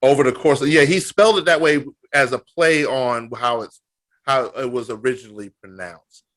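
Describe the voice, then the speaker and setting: Boastful male co-host, halting speech. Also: medium pitch, no echo. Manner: boastful, animated, halting with many fillers. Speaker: podcast co-host. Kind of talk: casual sports podcast chat.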